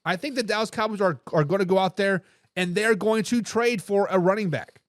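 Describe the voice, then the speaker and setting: A man with a high-pitched voice hosts a live football talk show, talking casually and with plenty of animation. He throws in slangy catchphrases and often restarts his phrases as he reads viewers' comments aloud. The sound is dry and close, with no room echo. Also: brisk. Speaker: sports talk show host.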